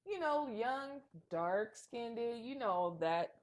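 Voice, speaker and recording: A young woman in casual podcast chat, candid and quick to laugh, swearing freely. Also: fairly high pitch, animated. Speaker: podcast guest.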